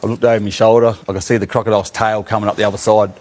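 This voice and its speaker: A man with an Australian accent, telling a story from his own life in an animated, colloquial way and often laughing. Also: on the low side, racing.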